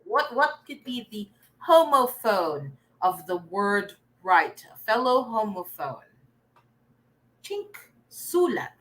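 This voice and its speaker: Filipino lady teacher, slow and bright, cheering the class on. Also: fairly high pitch, rough recording. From Philippines. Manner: encouraging, coaxing students. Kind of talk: online tutorial lesson.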